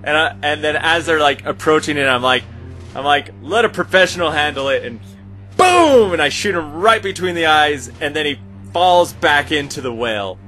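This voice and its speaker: A laid-back man chats through a tabletop game in a casual, offhand way. His voice is bright and somewhat high, with faint music behind him. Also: moderate pace. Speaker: player. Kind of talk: tabletop role-play chat.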